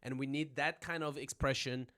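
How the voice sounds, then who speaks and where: A young man teaching a casual livestream language lesson, chatty and animated, always checking in with his viewers. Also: mid-range voice, normal speed.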